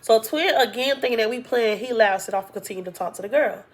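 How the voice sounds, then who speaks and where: A woman casually telling viewers a personal story in an animated, colloquial way, using "y'all" and "like" a lot. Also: fairly high pitch, fast. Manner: animated, acts out quoted dialogue, heavy use of "like". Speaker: storytime vlogger.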